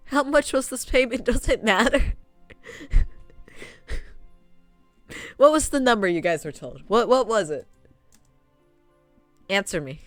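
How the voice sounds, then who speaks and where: A woman with a slightly high voice streams a visual novel, speaking slowly with long pauses. She talks casually and sarcastically at the characters and laughs in disbelief, in studio-quality audio with no echo and faint music behind.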